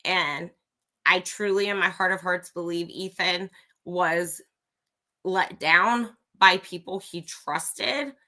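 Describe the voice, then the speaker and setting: Slow-talking woman ranting on a livestream. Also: fairly low pitch, bright, forceful tone. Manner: blunt and profane, talking straight to viewers. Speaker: livestream host. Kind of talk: ranting live commentary.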